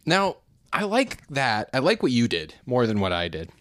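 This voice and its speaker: A man's voice: medium pitch, wildly swooping pitch, normal speed, fairly bright tone, no echo. Male co-host, loose and profane, mid-range voice, dry recording. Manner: rambling, profane, chuckles often. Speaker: podcast co-host. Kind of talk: casual beer podcast banter.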